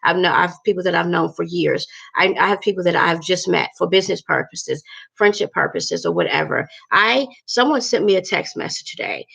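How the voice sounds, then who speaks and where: A woman's voice: on the low side, brisk, vocal fry, a bit bright, husky, dull audio. A woman vlogger venting emotionally to her viewers in a chatty, emphatic way, repeating herself as she talks. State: emotional, upset. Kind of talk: emotional personal vlog rant.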